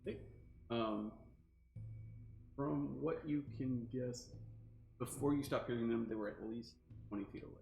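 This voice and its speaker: Gravelly game master narrating a scene. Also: male voice, medium pitch, moderate pace, pauses often, darkish tone. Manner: rambling, filler-heavy description. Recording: echoey room with faint music.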